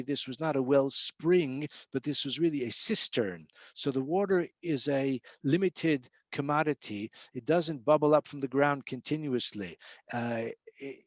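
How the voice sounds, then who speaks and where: A man teaching a Torah class in a casual way. He chants Hebrew verses slowly, explains them in English, and fills pauses with many uhs and restarts. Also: medium pitch, no echo. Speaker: rabbi teaching Torah portion.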